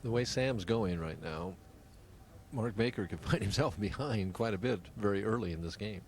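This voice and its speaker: A man giving relaxed, analytical color commentary on a bowling broadcast. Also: on the low side, moderate pace. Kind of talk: sports commentary. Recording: noisy old TV broadcast.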